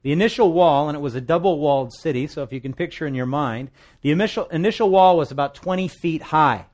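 A man, a pastor from the United States, preaching a sermon, telling a joke with acted-out lines and reading scripture with emphasis. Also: fast. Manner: lively storytelling preacher, acts out a joke with big pitch swings.

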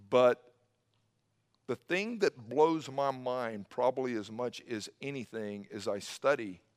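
Pastor guy giving an easter sermon, goes big and loud then drops way down quiet, mid-pitched voice. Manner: dramatic, swings between loud emphasis and hushed low tones. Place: church service streamed online.

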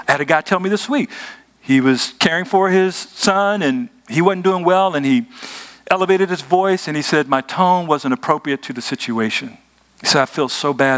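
A man's voice: mid-range voice, a bit bright. A man preaching a sermon as pastor, emphatic and conversational, asking his congregation rhetorical questions.

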